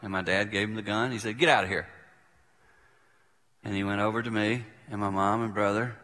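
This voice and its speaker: An older man, a preacher, telling a personal story in a sermon and acting out the voices in it, sometimes dropping to a hush. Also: fairly low pitch, little pitch movement, quick pace. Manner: vivid storyteller who acts out quoted voices. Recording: reverberant hall.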